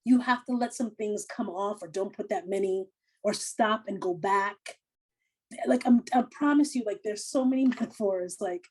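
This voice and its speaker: A middle-aged woman, a comedian and laughter yoga teacher, giving casual animated advice full of quoted asides. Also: mid-range voice, moderate pace, low-quality recording.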